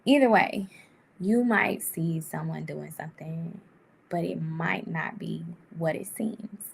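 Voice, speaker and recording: A woman vlogger talking casually to camera with life advice, chatty and animated, laughing often and jumping up in pitch. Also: slow, gravelly, a little hiss or hum. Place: indoor room.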